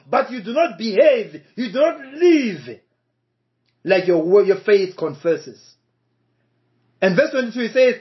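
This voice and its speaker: Male preacher, high animated voice, deliberate and repetitive, muffled lo-fi sound. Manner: slow, emphatic, repeats key phrases. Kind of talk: sermon. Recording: dull lo-fi recording.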